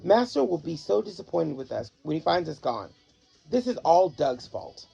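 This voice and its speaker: A scheming male lead dog in a storybook who barks orders and scolds the others, as a reader puts him on. The voice is rough and gravelly with a husky edge. The recording sounds dull, with faint music behind. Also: medium pitch, very animated, moderate pace, warm tone, heavily acted. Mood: bossy. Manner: bossy, snapping.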